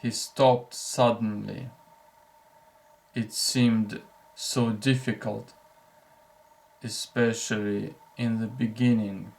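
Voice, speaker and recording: This Russian-native male English teacher speaks in a fairly low, slightly mellow voice with a flat delivery. He reads short example sentences for learners at a slow, deliberate pace, breaking clearly between each.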